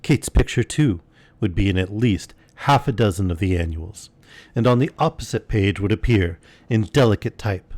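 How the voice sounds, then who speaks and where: A man reading a classic novel aloud as a bedtime story on a livestream, measured and unhurried, with casual asides to listeners. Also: on the low side, expressive, darkish tone, no echo. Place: home streaming setup.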